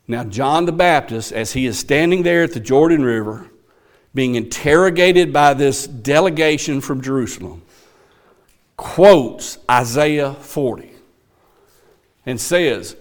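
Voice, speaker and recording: A man's voice: on the high side, expressive, a little slow. A man preaching a sermon, moving from folksy asides to emphatic proclamation. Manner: folksy, teasing a colleague.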